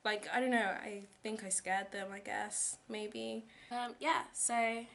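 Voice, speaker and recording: A woman's voice: mid-range voice, steady tone, unhurried, creaky, fairly bright tone. A young woman chatting casually in a vlog, rambling with lots of fillers. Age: young adult. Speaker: vlogger teaching abroad. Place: home kitchen, indoors.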